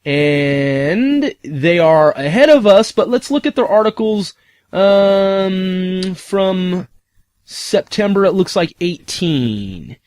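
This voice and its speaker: A man with a high-pitched voice rants casually and profanely, peppering his talk with rhetorical questions. The sound is dry and close, with no room echo. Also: animated, slow, darkish tone. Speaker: commentator. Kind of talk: casual ranting commentary.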